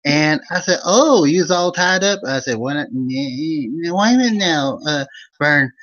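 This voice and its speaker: A man's voice: expressive, measured pace, dull audio. A man voicing Old Vern, a folksy country storyteller with an Eastern Kentucky accent. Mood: rambling yarn. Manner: loud, high-pitched, rambling yarn-spinning.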